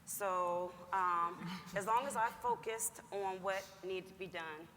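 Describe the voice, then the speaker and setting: A lower-pitched woman with a bright, forceful voice gives a measured, steady account on stage. Her voice carries a long hall reverb over faint background noise. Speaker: Marine master gunnery sergeant panelist. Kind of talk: panel answer, personal account. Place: large conference hall.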